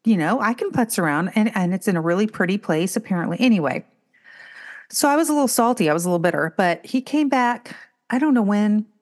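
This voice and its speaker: Middle-aged woman, animated storyteller, mid-pitched, lots of self-interrupting restarts; casual co-host chat. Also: fast. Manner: animated storytelling, acting out quotes with many restarts.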